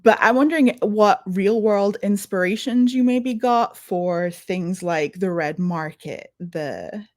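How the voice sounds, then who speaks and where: A woman's voice: mid-range voice, slow, few pauses, a little mellow, dry recording. Chatty Scottish woman, dry mic. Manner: enthusiastic, chatty questioner. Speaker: podcast co-host. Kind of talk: casual chat.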